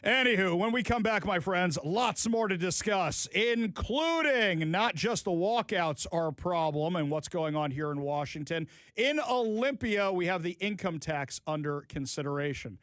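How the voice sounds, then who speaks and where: A man hosting a talk radio show, giving sarcastic, animated opinions to his listeners from a studio. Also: high-pitched, moderate pace, hardly any pauses, no room sound.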